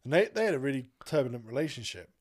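A man's voice: medium pitch, big pitch swings, rapid-fire. A man telling a rambling, swear-filled story in a casual chat. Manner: rambling, profane storytelling with asides. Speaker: podcast co-host telling a story.

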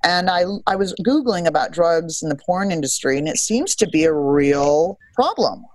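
A woman co-hosting a casual podcast, blunt, profane and quick to laugh. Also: fairly low pitch, lively intonation, a little mellow, no echo. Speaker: podcast co-host.

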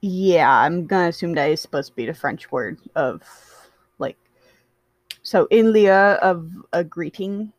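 A woman's voice: lowish voice, expressive, unhurried, no room sound. A woman reads fan fiction aloud in a casual way. She trips over words, goes back to fix them, and breaks off for chatty asides. The sound is dry and close. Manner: stumbling, self-correcting, chatty asides. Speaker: story reader.

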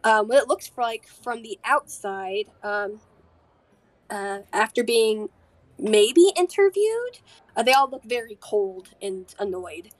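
A woman game master narrating a tabletop game at a slow, unhurried pace. She halts often, with fillers and restarts. Her voice sits a little high and sounds dry and close. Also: lively intonation, no room sound. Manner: halting, many fillers and restarts.

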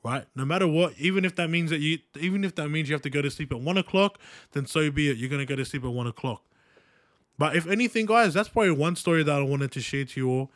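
A young Australian man with a slightly high, somewhat bright voice hosts a podcast at a quick pace, recorded in dry, studio-quality sound. He delivers a casual motivational monologue, telling a personal story earnestly and repetitively, often checking in with "right?" and "guys."

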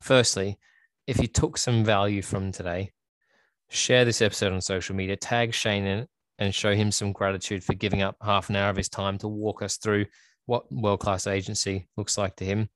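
Hoarse man hosting a podcast. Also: lowish voice, flat delivery, normal speed, no echo. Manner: rambling, self-deprecating, earnest. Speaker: podcast host. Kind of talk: solo podcast wrap-up.

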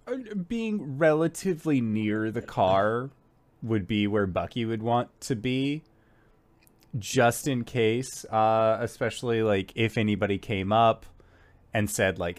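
A player in a tabletop role-playing game, thinking through their character's choices out loud. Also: medium pitch, normal speed. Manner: thoughtful, reasoning aloud. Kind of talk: tabletop role-play chat.

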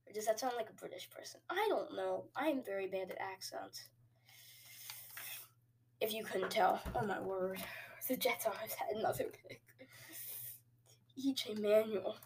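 Excitable woman calling a football video game. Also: medium pitch, moderate pace, gravelly, pauses often, a little hiss or hum. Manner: excitable and jokey, with sudden cheers and quiet asides. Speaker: host. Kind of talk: casual video game commentary.

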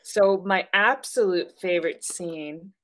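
A woman with a notably low voice chatting about films. She gushes with enthusiasm, sprinkling her talk with little ums and uhs. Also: slow, fairly bright tone. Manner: enthusiastic, gushing with fillers. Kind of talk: casual film discussion.

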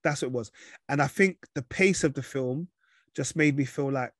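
A man's voice: mid-range voice, normal speed, vocal fry, no room sound, studio quality. A man hosting a casual film podcast, rambling and frank about his opinions. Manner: frank, rambling, says what he thinks. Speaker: podcast host. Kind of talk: casual chat about films.

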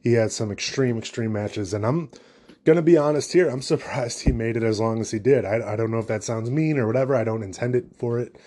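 Young man, podcast host, jokey rambling delivery, warm dark tone. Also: mid-range voice, brisk. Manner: jokey, rambling, self-deprecating. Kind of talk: solo comedic podcast rambling.

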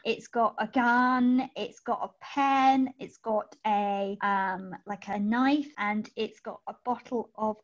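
A woman co-hosting a book podcast in casual chat, animated and giggly, often restarting her sentences. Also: a little high, takes it slowly, few pauses. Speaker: podcast co-host. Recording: lo-fi dull audio.

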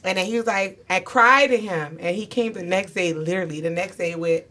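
Bright-voiced woman telling a story. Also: on the low side, a little fast. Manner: animated storyteller, acts out quotes. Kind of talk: casual group chat.

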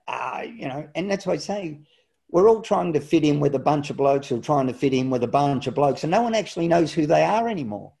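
A man's voice: a little high, creaky, mellow. A man in his fifties with an Australian accent, a guest talking earnestly and emphatically about fatherhood. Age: 50s. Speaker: podcast guest, solo dad. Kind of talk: casual interview chat.

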